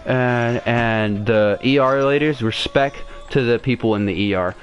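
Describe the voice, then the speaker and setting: A man's voice: medium pitch, unhurried, muffled recording, faint music behind. A young man telling a long personal story on a podcast in a rambling, profane way, full of restarts and fillers. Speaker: podcast host. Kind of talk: casual storytelling.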